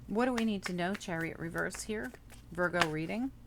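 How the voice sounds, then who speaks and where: A woman's voice: on the low side, normal speed, noisy background. A woman doing a casual tarot reading, chatting and thinking aloud as she turns the cards over. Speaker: tarot reader.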